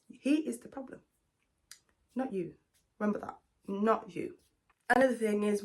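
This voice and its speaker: A woman vlogger giving blunt, emphatic relationship advice to the camera, calling the listener honey. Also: mid-range voice. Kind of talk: direct advice talk to camera.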